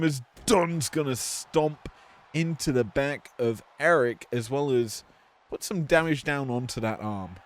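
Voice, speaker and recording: A man's voice: mid-range voice, a little hiss or hum. Joking male play-by-play commentator. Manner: joking, offhand asides.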